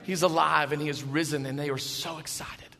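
A man preaching an Easter sermon in a church, animated, dropping to a hush and then rising to shouts. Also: a little high, fairly quick, gravelly, long reverb tail. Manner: animated, shifts between hushed and shouting. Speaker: pastor. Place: church sanctuary.

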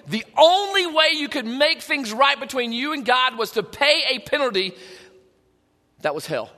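High, bright-voiced male preacher. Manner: emphatic, swinging between loud and hushed. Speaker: pastor. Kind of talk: sermon. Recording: long hall reverb.

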